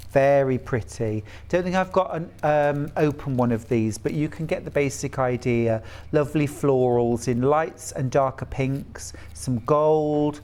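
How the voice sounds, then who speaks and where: A middle-aged British man from the UK hosts a live shopping broadcast, gushing over fabrics with chatty enthusiasm. His pitch sits in an ordinary middle range. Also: darkish tone, smooth. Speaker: shopping channel presenter. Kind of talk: live sales presentation.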